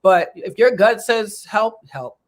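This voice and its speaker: A middle-aged woman from the New York area hosting a talk show, telling stories in a lively, animated way. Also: medium pitch, slow pace. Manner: animated storyteller who acts out quoted voices. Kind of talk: casual chat, storytelling.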